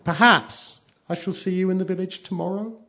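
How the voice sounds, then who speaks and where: A man's voice: high-pitched, fairly even intonation, moderate pace, pushed and bright, pitched above the performer's own voice. A man voicing a cheerful, teasing teenage village girl in a storybook reading.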